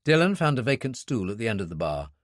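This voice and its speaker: A man narrating a thriller audiobook in a steady, expressive storytelling voice. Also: medium pitch, fast, no echo. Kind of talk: scripted narration.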